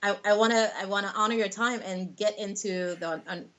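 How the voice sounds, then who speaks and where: A woman's voice: medium pitch, fairly even intonation, a little fast, fairly bright tone, highs cut off. A woman hosting a podcast, speaking in a thoughtful, reflective way with casual fillers. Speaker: podcast host. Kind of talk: casual interview.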